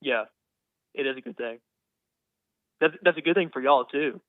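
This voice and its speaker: A young Texan man phones in for a conversation over a thin, tinny line, his medium-pitched voice dry and close. Speaking at a moderate pace, he's earnest but stumbles over and repeats his words.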